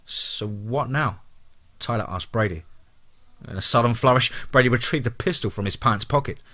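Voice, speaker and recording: A man's voice: mid-range voice, brisk, bright, forceful tone. A man narrating a scripted horror story in a dramatic, grim way.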